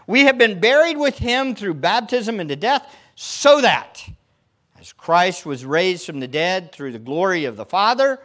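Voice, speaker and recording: Emphatic, lively-voiced male pastor preaching. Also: high voice. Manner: emphatic, asks the congregation rhetorical questions. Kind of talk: sermon.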